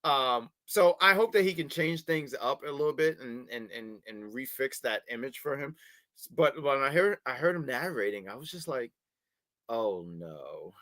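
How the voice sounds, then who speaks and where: A man hosting a casual wrestling review podcast, talking in an animated, rambling way with frequent restarts. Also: mid-range voice, normal speed, no echo. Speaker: podcast host.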